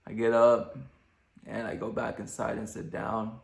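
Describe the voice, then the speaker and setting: A man's voice: lowish voice, little pitch movement, a little slow. A young man casually telling a rambling story as a vlogger, with lots of fillers. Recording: echoey room.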